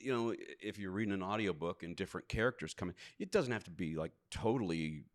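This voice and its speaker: A man who narrates audiobooks telling stories in a casual chat, animated and often laughing. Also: low voice, fast talker. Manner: animated, laughing, slips into put-on voices.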